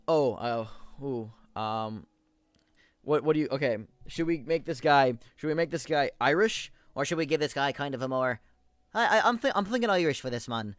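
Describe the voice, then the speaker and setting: A man's voice: mid-range voice, normal speed, smooth, dry recording. A man streaming a role-playing game, chatting casually and self-deprecatingly with his viewers.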